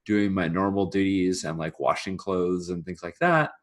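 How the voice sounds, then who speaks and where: A man's voice: sits low, fairly even intonation, moderate pace. A man talking through a tabletop role-play scene with hesitant, rambling speech. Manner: hesitant, rambling, filler-heavy. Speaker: player.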